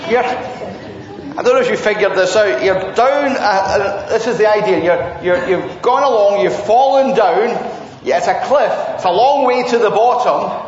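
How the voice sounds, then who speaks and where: A male preacher tells a sermon story in a very high voice, animated and questioning his listeners. He talks slowly and deliberately. The sound has a long hall reverb, a slightly muffled tone, and a congregation with clear room noise behind him. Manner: animated, audience-engaging, rhetorical questions. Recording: dull echoey church hall with congregation.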